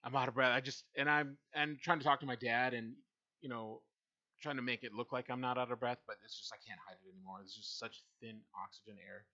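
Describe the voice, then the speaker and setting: A man's voice: mid-range voice, fairly even intonation, fast, pushed and bright. A young man telling a rambling, self-mocking story in a casual chat. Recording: slightly dull lo-fi sound.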